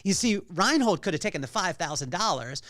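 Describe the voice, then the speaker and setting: A man's voice: high-pitched, sing-song, a little fast, fairly bright tone, dry recording, studio quality. A man hosting a solo podcast, telling a story with energy and acting out the quotes in other voices. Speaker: podcast host.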